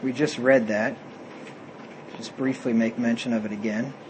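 A man's voice: medium pitch, fairly even intonation, moderate pace, noisy background. A man preaching a sermon, reading scripture aloud and explaining it plainly.

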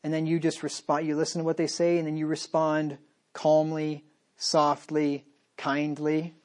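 A man's voice: fairly high pitch, completely flat delivery, fast talker, a little mellow. Emphatic male pastor preaching. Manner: emphatic, rhetorical questions to the listeners. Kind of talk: sermon.

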